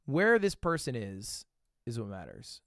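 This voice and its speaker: A man's voice: mid-range voice, wildly swooping pitch, measured pace, fairly bright tone, no room sound, studio quality. A man streaming live, talking through his guesses in a casual, thinking-aloud way with frequent swearing and self-mocking asides. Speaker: livestreamer. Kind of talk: casual livestream commentary while playing a guessing game.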